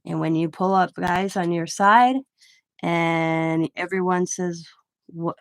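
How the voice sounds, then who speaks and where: A woman's voice: fairly low pitch, flat delivery, slow pace, dry recording. Blunt, opinionated woman chatting. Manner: blunt, opinionated, swears casually. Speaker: craft channel host. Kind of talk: casual chat while crafting.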